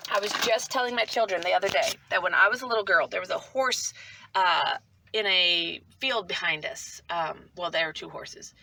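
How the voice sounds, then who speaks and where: A woman's voice: fairly low pitch, normal speed, vocal fry, bright, forceful tone, slight background noise. A woman vlogger and mother chatting casually to camera, rambling and self-mocking with lots of asides.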